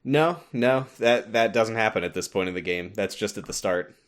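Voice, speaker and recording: A man's voice: on the low side, normal speed. A man hosting a podcast, recapping a video game in casual chat, rambling with many fillers and frequent laughs. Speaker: podcast host.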